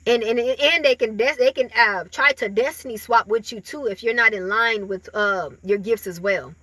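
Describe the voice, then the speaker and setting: A woman's voice: a little high, normal speed, pushed and bright. A woman giving a casual spiritual reading to her viewers, talking in a loose, rambling way full of fillers and laughter. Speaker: spiritual reader.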